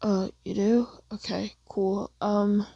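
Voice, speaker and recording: A woman voicing a shy, low-key teenage boy who speaks in a quiet, flat mumble. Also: takes it slowly, creaky, breathy edge, no echo, dull audio, heavily acted.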